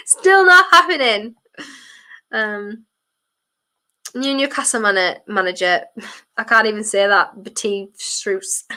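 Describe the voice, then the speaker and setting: A woman's voice: on the high side, pushed and bright. A young woman from Durham with a toned-down North East English accent, chatting casually on a football watchalong stream, reading viewer comments and answering bluntly with some mild swearing. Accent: mixed North East English, toned down. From Durham, England.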